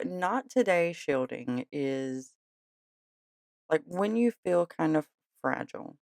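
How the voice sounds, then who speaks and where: A tired late-night podcast host with a gentle, reassuring way of talking. The voice carries plenty of vocal fry and a gravelly edge. It is recorded close and dry, with no room sound. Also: mid-range voice, no echo. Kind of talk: casual podcast talk.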